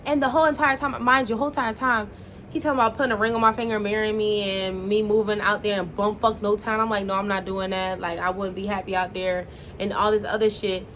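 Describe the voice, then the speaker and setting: A woman vlogger telling a dating story in a blunt, profane, animated way, acting out the dialogue as she goes. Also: medium pitch, fast. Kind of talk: casual storytime monologue. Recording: faint background noise.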